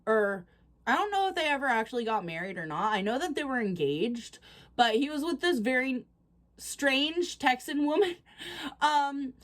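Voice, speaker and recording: A chatty, excitable woman casually reacting to posts on her vlog, quick to laugh. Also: sits high. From Canada. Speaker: reaction channel host.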